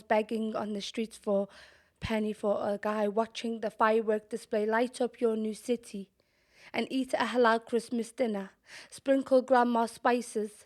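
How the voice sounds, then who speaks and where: A young woman with a Scouse accent performing spoken-word poetry in a measured, deliberate way, sometimes dropping to a whisper. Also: fairly high pitch, flat delivery, darkish tone. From Liverpool, England. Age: young adult. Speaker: poet.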